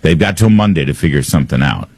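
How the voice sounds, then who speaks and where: A man's voice: rumbling low, lively intonation, quick pace, darkish tone, dry recording. A male talk radio host giving opinionated political commentary in a sarcastic, combative way.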